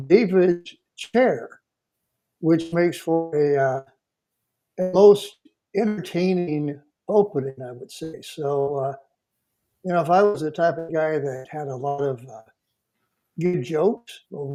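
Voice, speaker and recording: A man co-hosting a casual chat, easygoing, with unhurried small talk and fillers. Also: fairly high pitch, dark tone. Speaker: co-host. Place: home porch.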